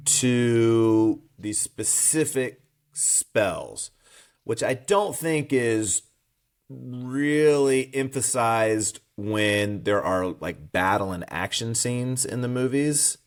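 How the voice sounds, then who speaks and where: Animated man reading quotes aloud. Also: medium pitch. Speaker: podcast co-host. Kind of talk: casual book discussion podcast.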